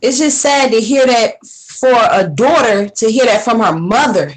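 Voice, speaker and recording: A woman's voice: on the high side, animated, a little slow, rough recording. A woman guest giving motherly, soothing advice in a personal conversation. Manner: soothing and motherly, calls her "baby".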